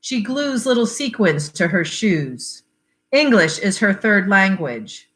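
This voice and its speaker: Woman, story reading, slow pace, lively pitch, bright tone. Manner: measured, expressive reading. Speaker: library reader.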